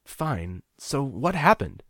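A man's voice: sing-song, slow pace, a bit bright, dry recording, studio quality, full character voice. A man doing a jittery young man of twenty. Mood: uneasy. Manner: nervous, pitched up and pushing. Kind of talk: audiobook character voice.

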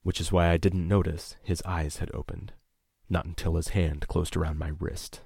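A man narrating a tense first-person story in a measured, scripted reading. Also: low-pitched, fairly even intonation, vocal fry, a little mellow, breathy edge, no echo, studio quality. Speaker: audiobook narrator.

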